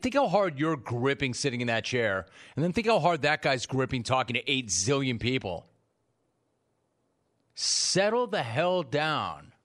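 A male radio host with a mid-range voice, talking fast and loose on a call-in show. He teases his producer with mock exasperation and keeps the banter rolling. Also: medium pitch, a bit bright.

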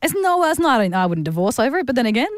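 A woman in her thirties, a radio breakfast co-host, telling a story in casual, animated chat. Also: a little high, fast talker, no room sound, studio quality. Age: 30s.

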